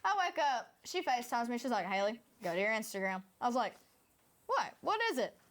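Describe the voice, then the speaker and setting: Woman, Southern US country twang, podcast host. Quick, rambling, crude storyteller with a higher, lively voice. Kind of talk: casual podcast chat.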